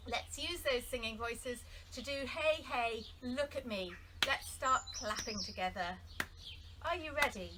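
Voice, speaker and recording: A high-pitched woman leads a children's song session, speaking slowly and brightly like a teacher. She is recorded outdoors in a garden, with birds chirping in the background. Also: lively intonation, heavy background noise. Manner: cheerful, sing-song teacher's voice, leading call-and-response. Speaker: vicar leading children's song time.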